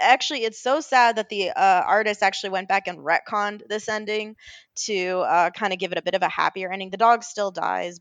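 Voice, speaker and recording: A woman co-hosting a casual podcast, telling stories in an animated, rambling way, full of fillers and self-corrections. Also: medium pitch, dry recording. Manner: animated storytelling, often laughing. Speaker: podcast co-host. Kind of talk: casual chat.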